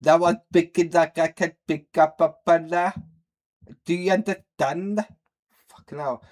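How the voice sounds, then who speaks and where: A man's voice: a little high, steady tone, measured pace, darkish tone. A man giving casual, crude reaction commentary as a streamer. He rambles and laughs at his own slips.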